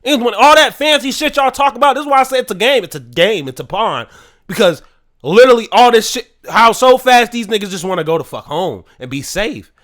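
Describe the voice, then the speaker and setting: A man's voice: very high voice, expressive, fairly quick, fairly bright tone. A man hosting his own podcast, ranting solo in a profane, incredulous commentary. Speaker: podcast host.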